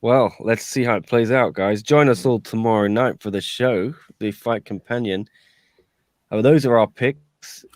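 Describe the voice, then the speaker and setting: A low-pitched man hosts a casual fight-sports podcast with a bit of a promoter's push. His voice is dry and close, with no room sound around it. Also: measured pace, a little mellow, no echo. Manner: promotional, urging viewers to join in. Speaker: podcast host.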